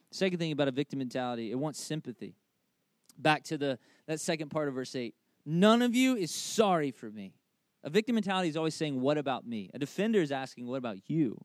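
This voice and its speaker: A man's voice: a little high, very animated, a little fast, dry recording. A man in his thirties preaching a sermon, conversational and emphatic, with humorous family stories and repeated key phrases. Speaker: pastor.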